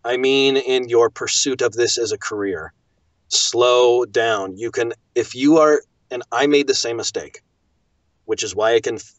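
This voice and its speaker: Animated male narrator telling stories. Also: medium pitch, no echo, distant mic. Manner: animated storyteller, emphatic. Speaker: audiobook narrator as guest. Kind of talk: casual chat. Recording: dull lo-fi dry recording.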